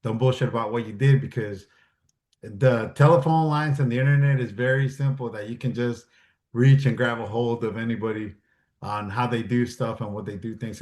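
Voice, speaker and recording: A man talking casually in an interview, lively and animated, acting out bits of dialogue and swearing freely. His voice sits at a middle pitch and carries a noticeable roomy echo. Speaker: guest, military advisor and stuntman. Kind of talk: casual storytelling chat.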